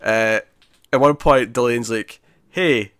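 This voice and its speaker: A man's voice: medium pitch, a little fast, a bit bright, dry recording, studio quality. A man co-hosting a casual podcast chat, rambling through a story with many fillers and restarts. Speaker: podcast co-host reviewing comics.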